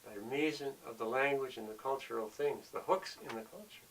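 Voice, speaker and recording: A man's voice: medium pitch, a little fast, fairly bright tone, recorded from a distance, rough recording. A man delivering an earnest, preachy monologue, often repeating himself as he presses his point. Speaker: speaker of the show.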